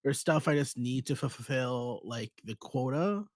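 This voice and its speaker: A young man co-hosting a podcast in casual chat, telling animated stories, acting out quotes and swearing freely. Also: medium pitch, unhurried, no room sound, studio quality. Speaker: podcast co-host.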